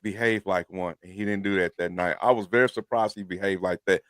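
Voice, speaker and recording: A man's voice: low-pitched, steady tone, fairly quick, fairly bright tone, no echo, studio quality. A man co-hosting a casual sports podcast, blunt and emphatic, repeating his points. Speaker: podcast co-host.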